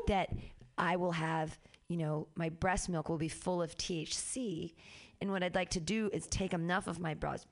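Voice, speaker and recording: A woman hosting a radio show, chatting casually in a rambling, playful, frank way. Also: fairly low pitch. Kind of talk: casual chat.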